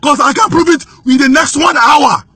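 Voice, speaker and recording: A Nigerian man with a very high, bright and piercing voice, speaking urgently and indignantly as he recounts events. The sound is close and dry, with no room around him. He pushes up into shouts when he presses his point. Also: moderate pace, dry recording. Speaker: whistleblower giving testimony. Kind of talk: impassioned spoken testimony.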